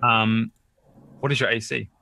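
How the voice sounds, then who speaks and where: A man running a tabletop game as dungeon master, narrating in a relaxed, hesitant way with many fillers. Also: on the low side, measured pace, vocal fry.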